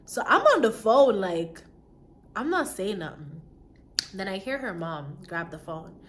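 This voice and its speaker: A young woman vlogger telling a personal story, animated, acting out the voices of the people in it. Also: mid-range voice, a little slow. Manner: animated, acts out voices, lively swings. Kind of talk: storytime vlog.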